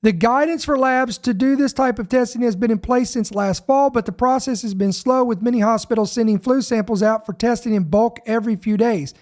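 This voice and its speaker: Reading the news headlines on his podcast, this host from Georgia sounds emphatic, drawing out certain words for stress. His voice is very high yet darkish in tone, and he frequently cuts himself off and repeats phrases mid-sentence.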